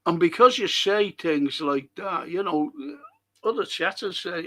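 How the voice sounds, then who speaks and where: A man's voice: sits high, measured pace, pushed and bright. A man hosting a fan live stream. He reads out viewer comments and answers them in a blunt, exasperated way, swearing often. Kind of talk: casual chat reading viewer comments.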